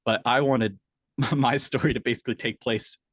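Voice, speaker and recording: A man interviewed as an author, explaining ideas in a thoughtful, hesitant way with many pauses and fillers. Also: mid-range voice, fairly even intonation, a bit bright, no room sound. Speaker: author guest. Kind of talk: casual interview chat.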